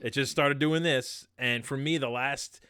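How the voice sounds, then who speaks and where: A man's voice: medium pitch, steady tone, measured pace, sharp tone, clean tone, no echo. A man co-hosting a podcast in casual chat, rambling with lots of fillers. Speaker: podcast co-host.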